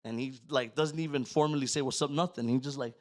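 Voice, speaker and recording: Profane, animated male storyteller. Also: mid-range voice, fast talker. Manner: profane, animated, swings from loud to hushed; acts out his own quoted words. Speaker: podcast guest. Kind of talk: casual storytelling.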